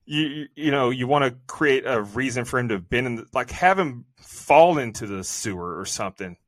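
A man's voice: mid-range voice, lively intonation, a little fast, a bit bright, no room sound. Male podcast co-host, mid-range voice, profane exasperated ranting, dry close mic. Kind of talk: casual movie review chat.

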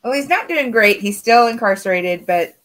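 A woman's voice: fairly high pitch, expressive, normal speed, fairly bright tone. A woman answering a podcast host's questions carefully, keeping details guarded. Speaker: podcast guest. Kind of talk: casual interview answers.

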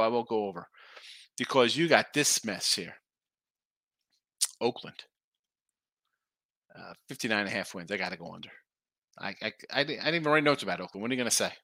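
On a casual live sports betting stream, a middle-aged host rambles through his picks in a mid-range voice that sounds creaky, pushed and bright. He stumbles over words, cuts himself off, and reads the chat's comments out loud, with no room sound.

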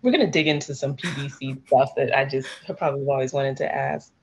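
A woman's voice: rumbling low, quick pace, husky. A woman hosting a casual interview, asking questions, laughing often and affirming her guest. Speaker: podcast host, interviewer.

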